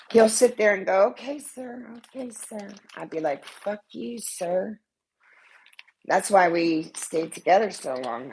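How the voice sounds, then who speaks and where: An older woman vlogging in casual chat to camera, blunt and profane, talking on without pause. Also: low-pitched, slight background noise, low-quality recording.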